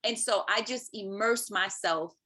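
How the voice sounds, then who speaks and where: A woman guest on a podcast, telling a personal story in a lively way and checking in with the listener with "right?". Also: mid-range voice, unhurried. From Maryland, US. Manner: animated, acts out quoted speech, often adds "right?". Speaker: podcast guest, parent advocate.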